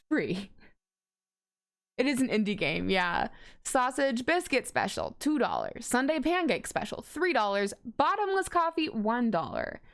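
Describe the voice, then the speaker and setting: Chatty woman streamer thinking aloud. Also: fairly high pitch. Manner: chatty, giggly, thinks aloud with many ums. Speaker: streamer playing a story game. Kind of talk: live game playthrough, reading choices aloud.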